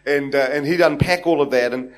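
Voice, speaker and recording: Speaking a little fast in a voice on the high side, a New Zealand man preaches to a congregation in a church hall. His sermon rambles from anecdote to anecdote, full of fillers and restarts.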